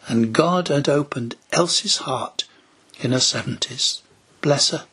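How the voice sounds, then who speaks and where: A man's voice: medium pitch, a little slow, bright, forceful tone, husky. A man preaching a sermon as a pastor, telling stories and acting out quoted voices, sometimes dropping to a whisper.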